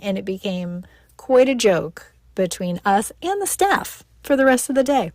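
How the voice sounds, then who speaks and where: A woman's voice: mid-range voice, big pitch swings, darkish tone, dry recording. Chatty, laughing middle-aged woman. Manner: chatty, playful, quick to laugh. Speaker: newsletter author and speaker. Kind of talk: reading a personal newsletter aloud.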